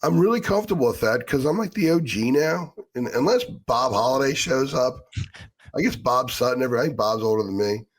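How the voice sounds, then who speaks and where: A man's voice: medium pitch, lively intonation, a little fast. A middle-aged man co-hosting a casual sports podcast, talking with wry, nostalgic, grumbling humor. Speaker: sports reporter and co-host.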